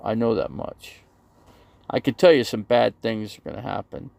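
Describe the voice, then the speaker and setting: A man's voice: lowish voice, normal speed, vocal fry, darkish tone, no echo. A man on a casual live stream, rambling as he reads viewer comments aloud and answers them, outdoors near a busy road. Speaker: RV channel livestreamer.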